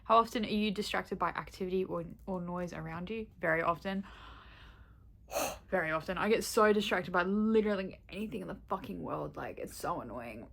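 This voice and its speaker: A woman's voice: fairly low pitch, lively intonation, a little fast, creaky, fairly bright tone. A young woman vlogging in casual chat, candid and rambling, swearing freely and laughing often.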